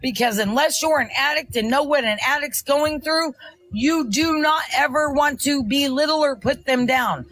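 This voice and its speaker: A woman's voice: high voice, moderate pace, fairly bright tone, poor audio. A middle-aged woman on a livestream, angrily confronting someone in an insistent, repetitive, scolding way. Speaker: livestream guest confronting host.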